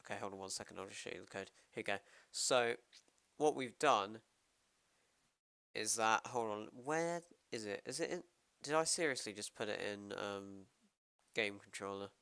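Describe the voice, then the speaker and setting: Bright, crisp British coder talking aloud. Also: male voice, fairly low pitch, normal speed, no echo. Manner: rambling, self-interrupting, thinking aloud. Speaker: programmer streamer. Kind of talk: casual coding livestream.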